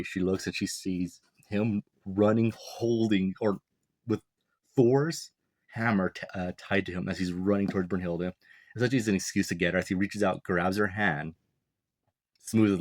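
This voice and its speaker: A man's voice: low-pitched, fairly even intonation, normal speed, darkish tone, dry recording, studio quality. A young man casually breaking down a manga chapter, rambling and chuckling, full of "like" and "you know". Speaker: manga reviewer.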